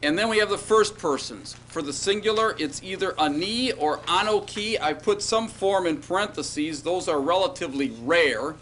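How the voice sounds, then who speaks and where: High-pitched and a bit bright, the man speaks at a moderate pace with few pauses, slight background noise behind him. He teaches Hebrew grammar in a classroom lecture, having students repeat words after him and regularly checking in with "okay" and "all right."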